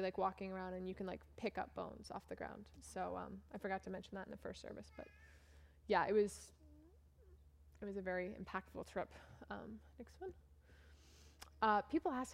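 A woman's voice: mid-range voice, normal speed, gravelly. A young woman gives a casual talk from the front of a church, walking through her slides. She is chatty and self-mocking, and her voice jumps up when she reaches the funny parts. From Maine, USA. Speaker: church mission trip speaker.

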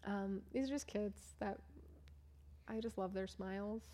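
A woman's voice: mid-range voice, unhurried, warm tone. Chatty woman telling stories. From United States. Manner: chatty, full of "like" and "um", acts out what others said. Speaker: volunteer teacher telling about a trip. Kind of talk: casual storytelling talk over photos.

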